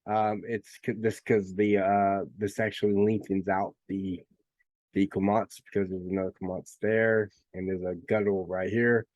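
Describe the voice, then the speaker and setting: A man with a fairly low voice gives an informal lecture, stopping often to correct himself and fill pauses. The recording is dry and close. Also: little pitch movement, darkish tone, no echo. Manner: explanatory, many fillers and restarts. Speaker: Bible teacher.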